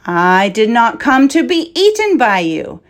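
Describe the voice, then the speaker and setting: A woman voicing a calm young male knight with a dry wit in a storybook, speaking firmly and evenly. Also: a little high, a little slow, pitched above the performer's own voice.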